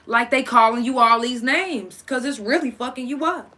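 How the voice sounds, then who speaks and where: Her voice sits high and her delivery is brisk. The young woman hosting this laid-back solo podcast curses without restraint, keeping things animated and speaking directly to whoever's listening.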